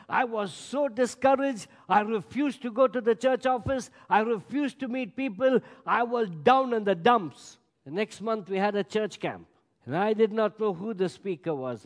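Male pastor, high tone, emphatic sermon delivery, reverberant church hall. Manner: emphatic preaching with sudden loud and quiet swings. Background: congregation.

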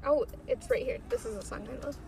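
A woman's voice: sits high, fairly quick, a little mellow, rough recording. A young woman chatting casually in a car, swearing freely and laughing often. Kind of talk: casual chat.

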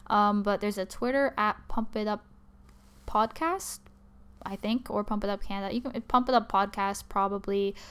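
A woman's voice: medium pitch, fairly even intonation, a bit bright, smooth. A tired young woman hosting a casual solo podcast, rambling with many fillers and restarts, apologizing and laughing at herself. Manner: rambling, lots of likes and restarts, quick to apologize. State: sleepy and tired. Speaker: podcast host.

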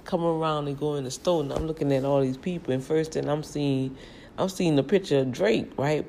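A middle-aged woman, chatting casually in a storytelling vlog from a home kitchen, animated and laughing at herself. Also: low voice, fairly quick, vocal fry. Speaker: vlogger.

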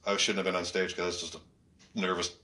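A man chats about his stand-up career in a bright, forward voice. He tells stories with lots of energy, laughs often and swears freely. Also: deep voice, flat delivery, fast. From Canada. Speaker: stand-up comedian guest. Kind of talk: casual podcast chat.

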